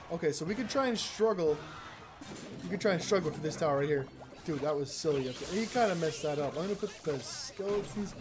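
A man giving chatty, excitable, slangy commentary while playing a mobile game, with sarcastic asides. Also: on the high side, noisy background. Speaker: gaming YouTuber. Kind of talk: casual gameplay commentary. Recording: game music behind the voice.

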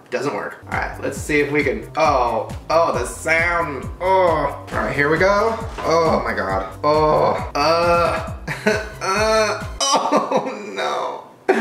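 Animated young man, wildly swinging voice. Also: on the high side, reverberant. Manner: crude, exaggerated, wildly swinging delivery. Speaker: vlogger. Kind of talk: comedic food-tasting vlog.

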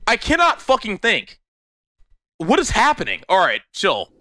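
A young man streaming a game live, loud and exasperated, swearing at his chat and laughing often. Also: high voice, wildly swooping pitch, a little slow, a little hiss or hum. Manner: frequent laughter.

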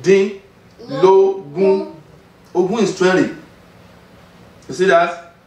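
A man with a Nigerian accent teaching Yoruba, slowly drilling words and repeating them for a student. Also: sits high, darkish tone. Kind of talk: patient classroom teaching. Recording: roomy sound, mic far off.

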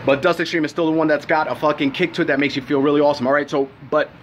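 A man's voice: a little high, level tone, rapid-fire, a little hiss or hum. A young man giving a brash, profane supplement review in a casual vlog, telling his story with lots of animation.

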